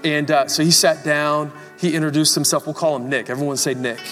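A man's voice: on the high side, flat delivery, fairly quick, a bit bright, faint music behind. A pastor preaching a live sermon to his congregation, telling a story and building to fervent emphasis. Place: large church hall before a congregation. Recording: live church recording with long reverb.

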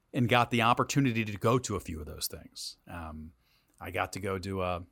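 A middle-aged man, a TV news anchor, telling a story from his career in an animated interview voice that swings between loud and quiet. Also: mid-range voice, dry recording, studio quality.

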